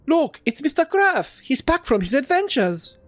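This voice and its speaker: A man voicing a group of eager young boy adventurers, with a squeaky put-on foreign accent, while reading a game's story aloud on a live stream. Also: big pitch swings, normal speed, fairly bright tone, heavily acted.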